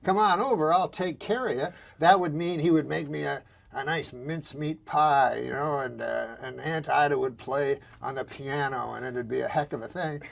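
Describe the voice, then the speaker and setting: A man doing a comedian's deadpan jokes and a halting, circling talk show story. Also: mid-range voice, gravelly. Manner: deadpan, halting, circling back over his own phrases. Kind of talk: deadpan joke delivery and rambling anecdote.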